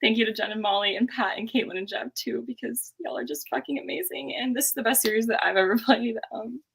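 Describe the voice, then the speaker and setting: A woman's voice: fairly high pitch, quick pace, gravelly, slightly rough, rough recording. A woman thanking everyone as the game's winner, emotional and rambling, swearing freely. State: emotional, near tears. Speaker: game winner. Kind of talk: casual acceptance speech.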